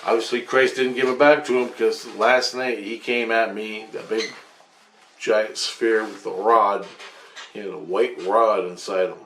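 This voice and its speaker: A man's voice: fairly low pitch, steady tone, a little slow, a bit bright. A man telling a rambling, profane story about his dreams, casual and agitated. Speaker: vlogger recounting dreams. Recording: echoey room with faint noise.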